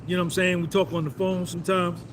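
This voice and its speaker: A middle-aged man on a casual live stream, loose and boastful, repeating himself as he shouts out viewers. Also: high voice, flat delivery, fast talker, background noise. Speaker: vlogger doing a live stream.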